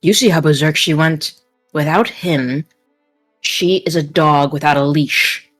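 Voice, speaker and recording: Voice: mid-range voice, measured pace, a bit bright, soft background music. A player in a tabletop game speaking casually with many fillers. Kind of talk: tabletop role-play banter.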